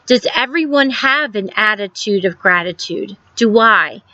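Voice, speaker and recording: A woman in her fifties, a school guidance counselor giving a recorded lesson to students, telling a story gently with many ums and reflective questions. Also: mid-range voice, expressive, measured pace, dull audio. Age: 50s.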